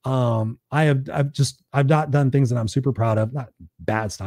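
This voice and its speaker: A man's voice: medium pitch, normal speed, darkish tone, no echo, studio quality. A man hosting a live stream, giving a blunt, preachy motivational talk in a casual, conversational way and swearing freely.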